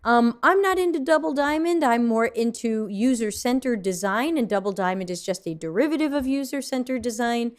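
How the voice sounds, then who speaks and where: Her voice is a little high, and she talks at a moderate pace with hardly any pauses. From her desk, she hosts a livestream and reacts to viewers' submissions in casual commentary, frankly and a bit snarkily, stumbling through ums and restarts.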